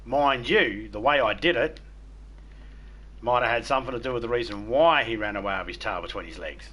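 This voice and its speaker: An Australian man streams a game and chats casually, swearing freely as he spins crude stories. His voice is bright and forceful, sitting at an ordinary pitch for a man. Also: fairly quick. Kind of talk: casual chat while gaming.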